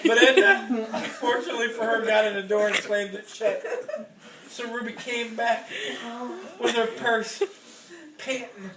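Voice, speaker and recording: A woman telling a comic story live, animated and laughing as she goes. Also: fairly high pitch, unhurried. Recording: echoey room, far mic, loud crowd.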